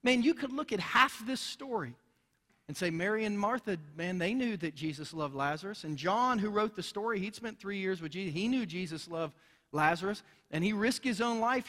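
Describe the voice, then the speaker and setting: A man's voice: high voice, fairly bright tone. A man preaching a sermon as pastor, earnest and emphatic, building in intensity as he drives his points home. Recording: long reverb of a large hall.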